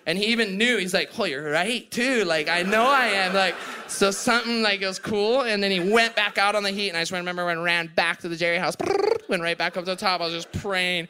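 Young Hawaiian guy, Hawaiian accent, clear bright tone, breathless laughing storyteller at a live show. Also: sits high, fast. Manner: laughing, breathless retelling with voiced quotes. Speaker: podcast guest. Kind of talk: animated storytelling on stage. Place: live event on stage.

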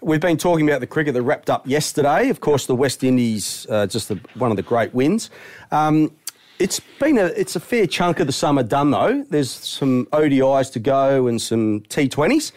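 A man's voice: medium pitch, sing-song, moderate pace, darkish tone. A man co-hosting a radio show, chatting casually and telling stories with frequent laughs. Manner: chatty storyteller, laughs often. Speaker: radio co-host.

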